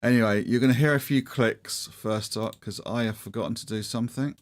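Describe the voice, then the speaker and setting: A man's voice: medium pitch, fairly even intonation, brisk, dry recording. A middle-aged man hosting a livestream, chatting casually in a rambling, self-deprecating way with many restarts. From England. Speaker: livestream host.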